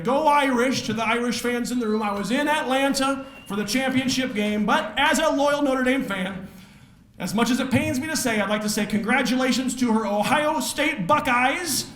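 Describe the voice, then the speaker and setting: A man's voice: extremely high pitch, fairly bright tone. A man presenting an award at a chamber of commerce dinner, playful and teasing as he builds up the winner. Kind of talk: banquet award speech. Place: banquet hall. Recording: echoey banquet hall.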